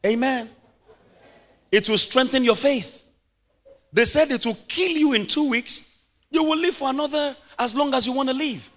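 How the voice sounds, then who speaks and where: A Nigerian preacher with a very high, bright, forceful voice. He laughs freely through his sermon and bursts into loud shouts of praise. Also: moderate pace, long pauses. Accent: Nigerian English.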